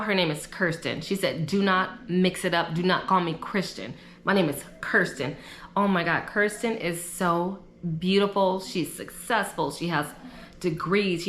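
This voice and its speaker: A woman's voice: mid-range voice, a little hiss or hum. Young woman, chatty opinionated recap vlogger, echoey room. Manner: chatty, opinionated, animated asides. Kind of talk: casual chat.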